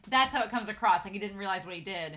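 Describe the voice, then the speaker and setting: A woman chatting casually through an episode recap, full of "like" and quick asides. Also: medium pitch, fairly bright tone. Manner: chatty, giggly, lots of "like" and filler. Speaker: anime reviewer.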